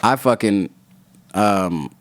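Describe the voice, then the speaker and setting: A man's voice: fairly low pitch, animated, takes it slowly. A man, a rapper guest on a podcast, telling a long profane story in casual talk and acting out other people's lines.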